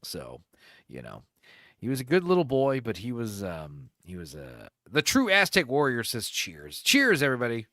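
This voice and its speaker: A man's voice: medium pitch, wildly swooping pitch, moderate pace, pushed and bright, no echo, clean studio sound. A young man co-hosting a podcast, telling stories in a rambling, profane way, laughing often and acting out quotes. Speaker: podcast co-host. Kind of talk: casual storytelling chat.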